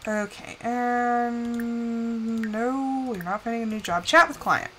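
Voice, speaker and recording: Over music, a young woman chats casually while streaming a life-simulation game, frequently laughing and addressing the characters. She speaks slowly in a slightly high, steady voice.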